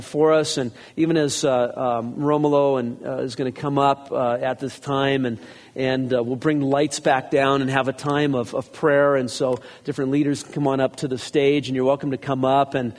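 A male pastor preaching an evening sermon, reading scripture aloud with rising emphasis and closing in soft prayer. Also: medium pitch, in a large hall. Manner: reads scripture aloud with rising emphasis, then prays softly.

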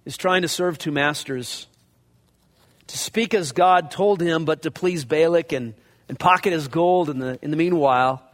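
A man's voice: a little high, moderate pace. A man preaching a verse-by-verse sermon in a conversational way, acting out scripture passages in character as he goes. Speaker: pastor. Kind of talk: expository sermon. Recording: long reverb of a large hall.

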